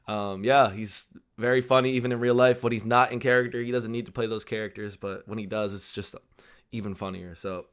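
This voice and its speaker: Brief: American male reactor, lowish voice, laid-back slangy chat. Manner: relaxed, says bro and like, trails off quietly. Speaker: YouTube reactor. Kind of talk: casual reaction commentary.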